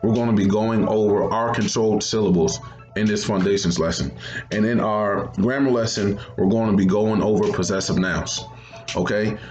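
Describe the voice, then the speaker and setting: A man's voice: fairly low pitch, moderate pace, darkish tone, echoey room, lo-fi sound, soft background music. A man teaching a second grade phonics lesson, patiently repeating each step.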